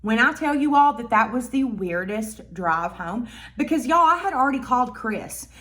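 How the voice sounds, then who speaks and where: A woman telling a storytime vlog in a blunt, profane, animated way. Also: fairly high pitch, normal speed. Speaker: vlogger.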